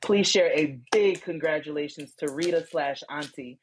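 A woman co-hosting a casual podcast, reading listener letters aloud with lively asides and laughter. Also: low voice, moderate pace, a little hiss or hum. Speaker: podcast co-host.

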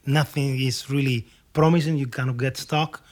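A man from Cuba, a guest musician in a casual interview over a video call, telling animated stories with frequent restarts and acted-out dialogue. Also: medium pitch, normal speed.

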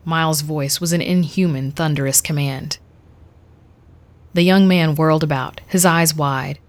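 A woman reading a dark fantasy story aloud in a measured, even voice. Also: deep voice. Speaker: narrator. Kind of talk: scripted story narration.

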